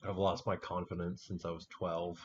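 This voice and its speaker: A man with a fairly low voice talks in a loose, rambling way, swearing often and filling gaps with "like" and "um". The recording is dull and lo-fi, with a faint hiss underneath. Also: little pitch movement, moderate pace. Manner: rambling, swears freely, frequent fillers. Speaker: podcast host. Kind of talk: casual chat. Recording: muffled lo-fi home recording.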